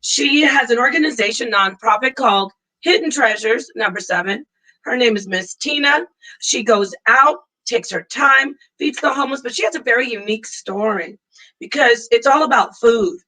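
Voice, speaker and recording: A woman's voice: a little high, moderate pace, rough recording. A woman from Phoenix, Arizona hosting a casual online talk stream over a video call, playful and laughing. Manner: playful, laughing, warm greetings. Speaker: host.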